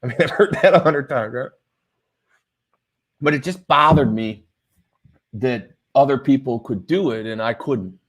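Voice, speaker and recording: A middle-aged man giving a motivational talk, telling a personal story in an animated, emotional way and often restarting his phrases. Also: mid-range voice, unhurried, long pauses, husky. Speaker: motivational speaker and author.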